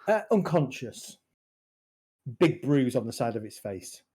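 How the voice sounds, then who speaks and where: A game master narrating a tabletop game in a casual, halting way. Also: medium pitch, big pitch swings, warm tone, husky.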